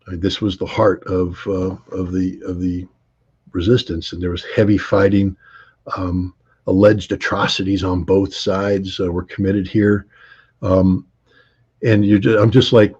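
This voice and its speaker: A man telling travel anecdotes in an interview, rambling with many fillers, restarts and laughs, his voice husky. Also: on the low side, darkish tone. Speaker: interview guest. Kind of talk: conversational storytelling. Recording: dull lo-fi audio.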